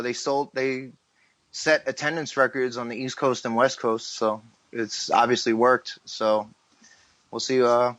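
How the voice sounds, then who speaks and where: A man's voice: medium pitch, a bit bright, no echo. A man in a casual podcast chat, laid-back and teasing the others. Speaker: podcast regular.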